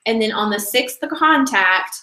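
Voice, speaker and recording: Chatty higher-voiced woman, echoey room. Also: lively intonation, unhurried, pushed and bright. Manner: chatty and rambling, fills talk with "like"; breaks off mid-sentence and restarts. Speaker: direct sales team leader. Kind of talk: casual live training talk.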